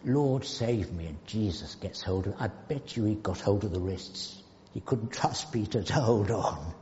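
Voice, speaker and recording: A man preaching a sermon in a church, slow and emphatic, with sudden loud outbursts and hushed asides. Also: fairly low pitch, a little hiss or hum. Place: church hall. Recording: dull sound with long hall reverb.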